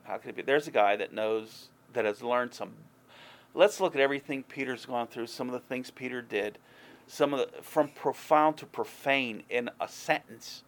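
A male pastor delivering a sermon with a rough, gravelly edge to his voice. He talks earnestly but conversationally, dropping in folksy asides between points. His pitch sits in an ordinary middle range. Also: moderate pace.

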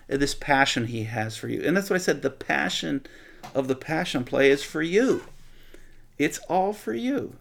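A man's voice: a little high, creaky. A man leading an informal Bible study, teaching conversationally and praying, often restarting his sentences.

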